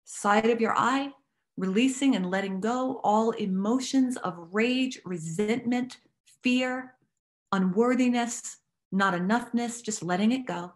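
A woman leading a guided tapping exercise, giving calm step-by-step instructions and affirmations to repeat. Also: on the high side, a little slow. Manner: calm instructive guiding, repeat-after-me phrasing; affirming, uplifting delivery. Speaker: recovery workshop facilitator.

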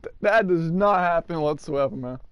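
A man streaming a wrestling game, chatting casually, cursing and yelling at the action. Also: fairly high pitch, normal speed, smooth. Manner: excitable, profane, yells and laughs at the game. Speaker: gaming streamer. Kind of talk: casual gameplay chat.

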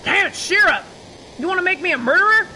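Brief: woman doing an angry rocket captain for a game, shouty and impatient, high, lively delivery. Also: fast talker, a little hiss or hum, heavily acted, poor audio. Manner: yelling, crude and impatient. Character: gruff hot-tempered male rocket captain.

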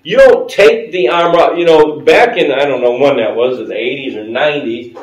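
Talking a little fast in a medium-pitched voice, a male pastor gives a chatty sermon to the congregation, frequently laughing and asking them questions. It takes place in a church sanctuary, and the far-off mic yields a roomy, churchlike sound.

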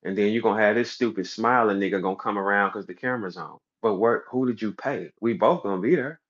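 A man's voice: fast, fairly bright tone. Brash, boastful man. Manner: boastful, brash, profane and heated, voice jumping high when he acts out scenes. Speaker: battle rap league owner. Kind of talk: unscripted livestream rant. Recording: slightly dull lo-fi audio.

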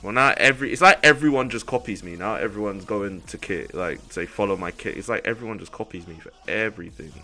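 Young male streamer, low, forceful voice, profane and irritated. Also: fast talker, hardly any pauses, faint music behind. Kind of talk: livestream chat to viewers.

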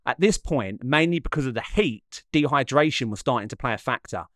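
A man narrating his run afterwards in a measured, slightly dramatic voice-over. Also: mid-range voice, lively intonation, background noise.

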